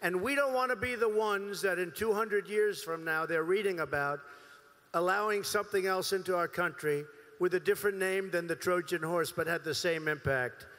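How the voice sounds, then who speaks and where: A man's voice: high-pitched, normal speed, a bit bright. A man giving a campaign rally speech, emphatic and repetitive in his phrasing, at a large venue. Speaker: political candidate. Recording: long reverb of a large hall.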